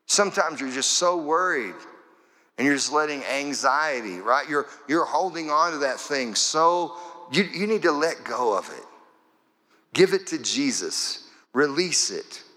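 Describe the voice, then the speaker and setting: A man's voice: on the high side, animated, unhurried, bright, forceful tone. A male pastor preaching a sermon in church, building momentum with rhythmic, repeated phrases. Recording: echoey church hall.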